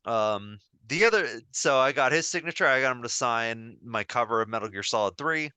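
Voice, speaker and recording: An excited man shares stories on a podcast with lots of "um" and "like." His voice is bright and clear, and his pitch jumps around a lot. It sounds close and dry. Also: normal speed, no room sound. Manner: enthusiastic, rambling storyteller with many fillers. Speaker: podcast co-host. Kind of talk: casual podcast chat.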